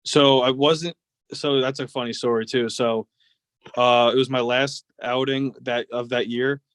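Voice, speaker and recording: Young male ballplayer, casual guest, rambling storyteller with many fillers, monotone delivery. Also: medium pitch, unhurried, dry recording. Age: 20s. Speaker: guest, professional baseball player.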